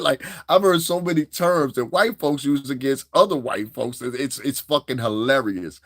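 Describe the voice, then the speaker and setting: A man's voice: a little high, moderate pace, hardly any pauses, no echo, studio quality. A man giving crude, rambling, unscripted commentary, laughing often between points. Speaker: commentary streamer.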